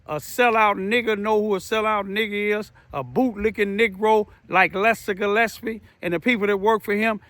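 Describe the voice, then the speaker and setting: A man's voice: high-pitched, normal speed, hardly any pauses, a bit bright, no room sound. An older man, hosting an angry livestream rant, indignant and preaching, repeatedly asking if listeners see what he means. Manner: indignant, repetitive, preaching, keeps asking "you see what I'm saying". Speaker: livestream host.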